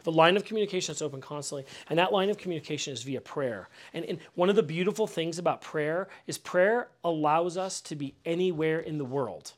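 A man's voice: on the high side, fairly quick, hardly any pauses. A middle-aged man preaching a teaching sermon in a conversational way, often repeating words and putting questions to his listeners. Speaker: pastor. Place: house.

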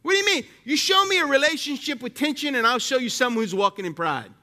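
A man preaching a sermon as pastor, animated and full of rhetorical questions that he tosses to the congregation. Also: very high voice, fast talker.

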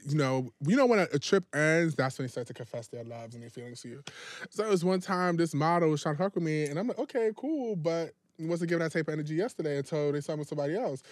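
A man's voice: on the high side, expressive, fast, dry recording. A man co-hosting a casual gossip chat, teasing and telling stories dramatically. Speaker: podcast co-host.

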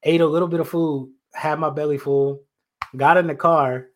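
A man's voice: on the high side, steady tone, moderate pace. A man from North Carolina, a podcast host telling a story in a loose, slangy way with many asides to his listeners, out on location. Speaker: podcast host and life coach. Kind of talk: casual storytelling. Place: out on location in his childhood neighborhood.

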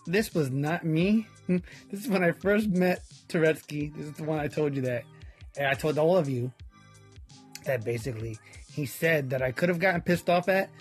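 A man's voice: on the high side, husky. A man hosting a podcast, talking in a rambling, casual way with chuckling asides. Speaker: podcast host.

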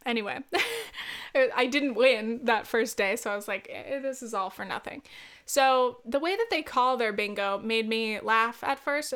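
A woman's voice: a little high, fairly bright tone, smooth. A woman hosting a casual solo podcast, chatty and self-deprecating, laughing often and using lots of fillers. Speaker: podcast host.

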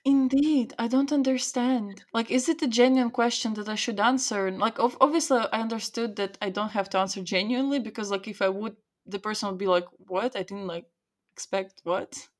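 A young woman in casual conversation, telling animated stories and acting out the voices of people she quotes. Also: on the high side, brisk, few pauses. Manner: animated storyteller, acts out quoted voices, many likes. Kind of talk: casual chat.

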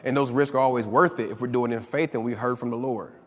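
A man's voice: mid-range voice, steady tone, fast. A man preaching a sermon, emphatic, repeating key lines for effect. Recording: long reverb of a large hall.

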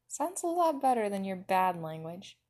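Gruff dragon king, read by a woman. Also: mid-range voice, sing-song, normal speed, a little mellow, close to an everyday voice. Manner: blunt, curt, swearing. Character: gruff scowling dragon king, young man.

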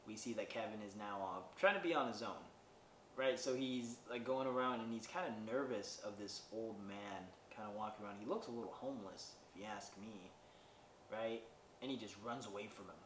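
A man's voice: fairly low pitch, a little fast, fairly bright tone. A man casually recapping a movie on his podcast, rambling with lots of fillers and wry asides. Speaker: podcast host reviewing a movie. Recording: roomy sound, distant from mic, faint background noise.

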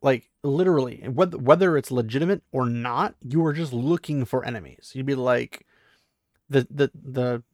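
Gravelly man rambling through a book recap. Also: mid-range voice, moderate pace, a little mellow, no echo, clean studio sound. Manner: rambling, heavy use of "like", acts out characters' lines. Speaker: book discussion host. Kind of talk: casual book recap and commentary.

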